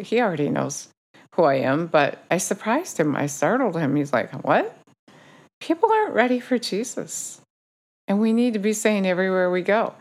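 A woman's voice: low-pitched, creaky. A woman giving an informal sermon, urging listeners with pointed rhetorical questions. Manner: urgent, exhorting, rhetorical questions. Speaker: preacher.

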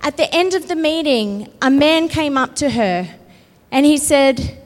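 A woman's voice: high-pitched, lively intonation, measured pace. A woman pastor preaching a sermon and reading scripture, earnest and often checking in with her listeners. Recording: long reverb of a large hall.

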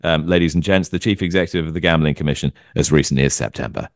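A man hosting a racing podcast, teasing and lively with his guest. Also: rumbling low, very fast. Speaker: podcast host. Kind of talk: casual interview chat.

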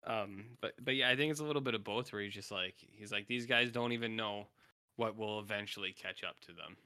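A man with a fairly low but sharp, bright voice offers hedged opinions in a relaxed podcast chat. The sound is dry and close, with no room around it. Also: brisk, clear, resonant tone, no room sound. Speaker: podcast co-host. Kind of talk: casual film discussion.

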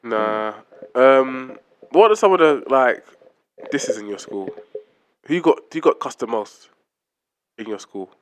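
A man's voice: medium pitch, animated, slight background noise. A man in a casual chat, often restarting and repeating himself. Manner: halting, repeats words, chuckles.

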